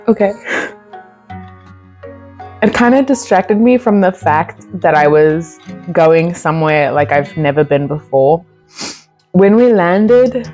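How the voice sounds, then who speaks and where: A woman's voice: lowish voice, warm tone. A young woman from South Africa with a South African accent, telling a rambling, casual storytime vlog full of fillers. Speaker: vlogger.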